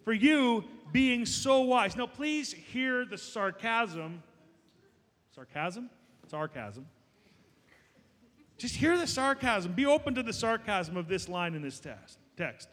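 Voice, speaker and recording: A man's voice: high-pitched, animated, slow pace, a bit bright, long reverb tail. A man preaching a sermon as pastor, emphatic and building to raised, passionate delivery.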